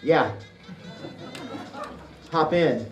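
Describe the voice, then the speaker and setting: A man's voice: on the high side, extremely slow, muffled recording, some chatter behind. A man doing a terse, cool young greaser. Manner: terse, few words, deadpan. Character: cool laconic young man in a leather jacket. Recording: echoey room with faint music.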